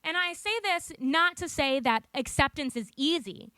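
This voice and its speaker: A woman's voice: high-pitched, moderate pace, bright, forceful tone, no room sound. A young woman giving a prepared conference talk into a podium microphone, earnest and lightly humorous as she tells a personal story. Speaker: conference speaker. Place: conference room.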